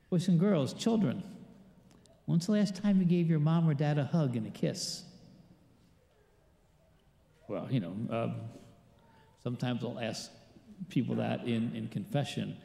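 A male pastor gives a chatty sermon and keeps putting questions to the people in the pews. His voice sits a little high, with a gravelly edge and a mellow tone. The sound is echoey, with the long reverb of a large church. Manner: conversational preaching, quizzes the congregation.

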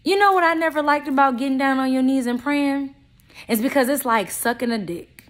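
A young adult vlogger talks a little fast through an unplanned monologue, profane and in-your-face, with sudden loud outbursts and quieter asides.

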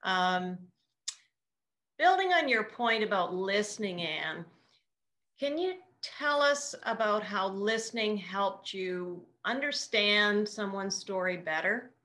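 A woman's voice: medium pitch, lively intonation, slow, bright, forceful tone. A woman hosting a casual interview over a video call, asking thoughtful questions with frequent ums. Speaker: host.

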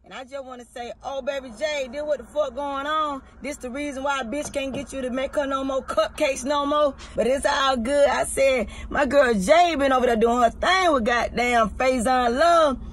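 A woman comedian recording a casual congratulations message, telling a story loudly. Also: sits high, steady tone, moderate pace, few pauses, a little hiss or hum. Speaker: comedian giving a shout-out.

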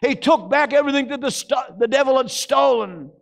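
A male pastor, preaching a fervent sermon that bursts into shouting. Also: extremely high pitch, brisk, vocal fry. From Australia.

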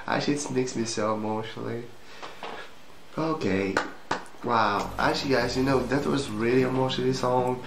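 A man's voice: mid-range voice, steady tone, moderate pace, gravelly, background noise. A man hosting a reaction video in a casual style, exclaiming often and asking his viewers questions. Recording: echoey room with song playing behind.

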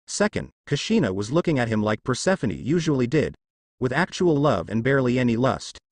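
A man reading a fan fiction story aloud as narrator, with lively storytelling delivery. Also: medium pitch, a little fast, no echo.

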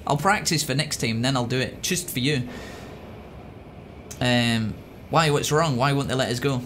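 A man giving profane, excitable, joking commentary while he plays a video game. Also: medium pitch, moderate pace, a little hiss or hum. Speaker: let's play host.

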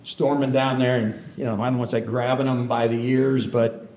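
A man voicing a fiercely protective mother, speaking low and stern. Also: little pitch movement, brisk, a little mellow, lightly acted. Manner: stern, lowered voice. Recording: roomy hall echo.

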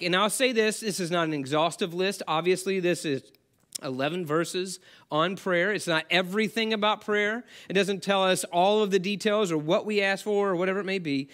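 A man with a notably high voice delivers a church sermon in a loose, conversational way. He keeps throwing questions to the congregation and answering them himself. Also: fairly bright tone. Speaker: pastor.

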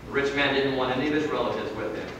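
A man preaching a sermon in a church, swinging from loud emphatic peaks to low, quiet drops. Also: rapid-fire, noisy background. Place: church hall. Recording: echoey hall from far off.

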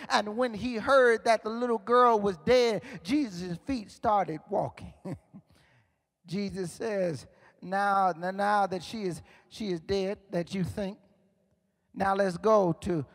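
Gravelly high-voiced preacher in a reverberant hall. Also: male voice. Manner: builds to shouted, sing-song emphasis. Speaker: pastor. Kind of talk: sermon. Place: church sanctuary.

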